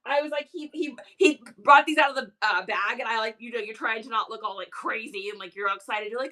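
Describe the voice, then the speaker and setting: High, bright, excitable woman host. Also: fast, few pauses. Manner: excitable, exclamatory, chatty. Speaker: livestream reseller host. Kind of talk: casual livestream chat.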